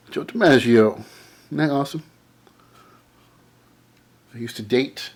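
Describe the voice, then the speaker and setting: A man's voice: mid-range voice, slow, vocal fry, pauses often, slightly rough. A man casually showing off a haul of collectibles, enthusiastic and rambling, repeating how awesome things are. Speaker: comic and card collector vlogger. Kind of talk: casual haul show-and-tell.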